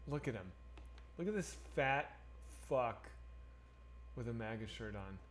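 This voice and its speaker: This streamer's voice is mid-range and expressive, and he talks a little slowly over a faint hiss or hum. He reads chat while gaming, chatting with viewers in a rambling, profane, candid way.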